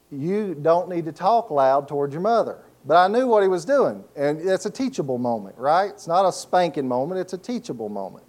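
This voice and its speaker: A middle-aged pastor preaches a sermon in a darkish voice on the high side. He tells folksy stories with laughs and asks the congregation to fill in words, call-and-response style.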